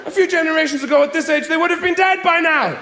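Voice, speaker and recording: Man, middle-aged stand-up comic, high animated voice, roomy live theatre sound. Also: fast, some chatter behind, slight background noise. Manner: rambling, theatrical, acts out quoted voices. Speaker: stand-up comedian. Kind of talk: stand-up comedy routine. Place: theatre stage before a laughing audience.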